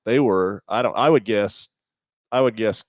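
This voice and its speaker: A man's voice: lowish voice, a little slow, no echo. A man co-hosting a live auto show, telling a rambling, folksy road-trip story in casual chat.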